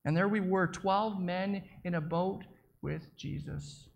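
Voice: mid-range voice, takes it slowly, gravelly. A preacher telling a story in the first person as an eyewitness, vivid and dramatic, with small stumbles and repeated words.

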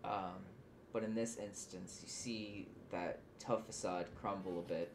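A man's voice: low voice, steady tone, a little slow, background noise. A man narrating a tabletop game as game master in a loose, casual way.

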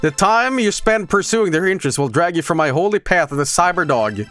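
A man's voice: sits high, animated, fairly quick, a bit bright, faint music behind, pitched above the performer's own voice. A man voicing a pompous male techno-cult shaman, grandly intoning game text. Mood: solemn.

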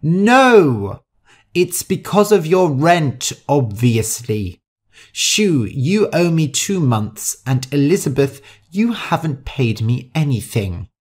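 Scolding old landlady, high and lively, slow and strict, man putting her on. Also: husky, exaggerated voice. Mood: stern. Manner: stern, scolding.

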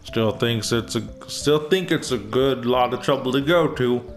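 A man's voice: mid-range voice, measured pace, soft background music, lightly acted. A man voicing a weary, down-on-his-luck man while reading game dialogue aloud.

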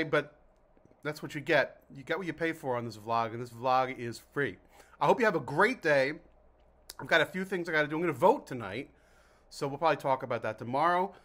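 A man's voice: on the high side, animated, brisk, a bit bright. A man from New Jersey hosting a casual vlog, reviewing mineral water in a chatty, jokey, self-interrupting way. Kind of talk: casual rambling vlog talk.

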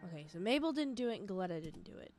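A woman's voice: mid-range voice, very animated, rapid-fire, darkish tone. A young woman playing a video game, reading its storybook text aloud with playful energy and muttering to herself as she works through a puzzle. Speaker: gaming let's player. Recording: game music playing underneath.

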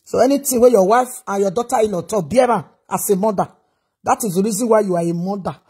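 Nigerian woman on a reaction vlog, kinda husky, preachy, keeps repeating herself. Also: mid-range voice, fast, warm tone. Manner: preachy, repeats her advice. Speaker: commentator.

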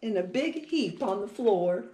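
A woman's voice: medium pitch, animated, unhurried, mellow, roomy sound. A woman reading a picture book aloud to children, sing-song and asking them questions. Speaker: children's storytime reader.

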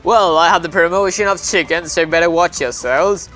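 A woman with a fairly low voice, joking in a relaxed way while she games. Music plays faintly behind her. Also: brisk. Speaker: gamer. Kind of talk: casual gaming chat.

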